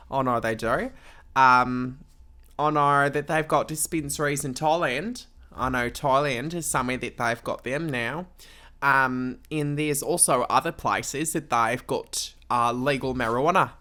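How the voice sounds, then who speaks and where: A man slipping into an emotional Australian woman, with an easy, earnest put-on accent. She comes across as sincere and a little soppy. It is a quick bit inside a casual solo podcast. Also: mid-range voice, pushed and bright.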